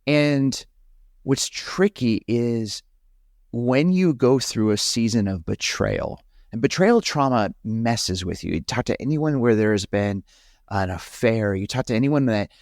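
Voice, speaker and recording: A middle-aged man, a pastor talking as a guest on an interview podcast, speaking earnestly and haltingly with frequent restarts. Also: mid-range voice, lively intonation, darkish tone, dry recording, clean studio sound. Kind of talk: reflective conversational interview.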